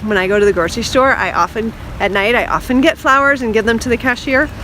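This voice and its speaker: A woman vlogging outdoors at night in pouring rain, telling an excited, emotional story and getting choked up. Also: a little high, fast. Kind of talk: casual vlog monologue. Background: rain and passing traffic.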